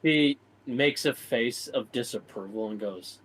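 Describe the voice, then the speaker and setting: A man's voice: mid-range voice, a little slow, a bit bright, rough recording. A man running a tabletop game as dungeon master, narrating in a loose, casual way.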